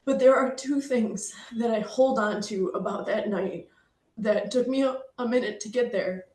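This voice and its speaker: A woman's voice: fairly high pitch, normal speed, a little mellow. A middle-aged woman sharing a painful personal story, emotional and apologetic, fighting back tears. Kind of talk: personal testimony talk. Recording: echoey room.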